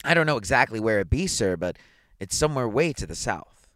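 A man's voice: medium pitch, big pitch swings, brisk, a bit bright, dry recording, clean studio sound. A man doing a rustic, musing farmer. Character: slow country farmer, man.

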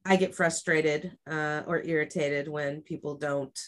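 A woman who runs stress trainings, talking casually and thoughtfully with frequent pauses. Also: deep voice, steady tone. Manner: thoughtful, hesitant with fillers. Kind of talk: casual conversation.

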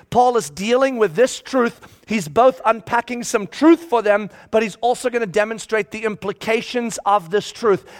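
A man's voice: very high voice, fairly bright tone. A man preaching a sermon as he teaches through a scripture passage, with emphatic delivery that repeats key phrases for force.

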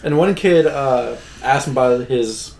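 A young man in casual chat, laid-back and halting, with lots of "like" and "uh". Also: mid-range voice, gravelly, a little mellow.

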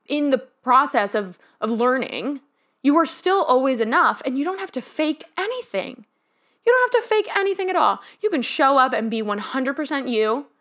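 A woman's voice: a little high, fairly bright tone. Earnest young woman podcaster, rambling. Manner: earnest, rambling, frequent "like" fillers. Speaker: podcast host. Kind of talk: casual solo podcast monologue. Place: childhood bedroom.

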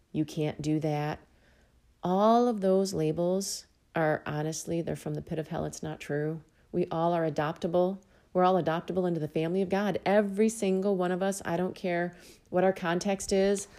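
A woman delivers a heartfelt devotional sermon in a low voice. Her tone is mellow and relaxed, and she encourages her listeners by repeating key phrases. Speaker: Bible teacher.

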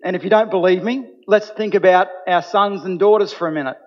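A man's voice: sits high, brisk. A man preaching a sermon as pastor, earnest and building to emphatic points. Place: church. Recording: dull sound with long hall reverb.

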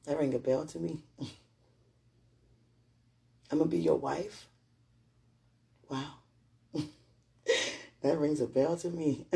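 A woman's voice: deep voice, expressive, slow, vocal fry, pauses often, mellow, slightly rough. A woman giving an emotional personal testimony, talking straight to her partner in a heartfelt, rambling way with prayerful asides.

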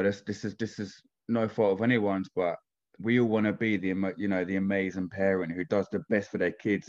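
A man in casual chat, rambling and often asking "do you know what I mean". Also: sits low. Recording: dull lo-fi sound.

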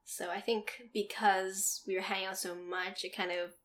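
A woman's voice: mid-range voice, flat delivery, moderate pace, fairly bright tone, slight background noise. A young woman guest in a casual podcast chat, talking in a giggly, chatty way with lots of "like". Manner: giggly, chatty, uses "like" often. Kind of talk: casual conversation.

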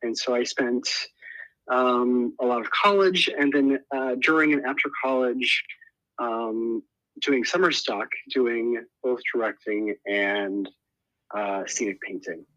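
A man's voice: mid-range voice, slow, pushed and bright, no echo, low-quality recording. A man from Nebraska, an interior designer, telling his story in a friendly, laughing way on a podcast. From Nebraska, United States.

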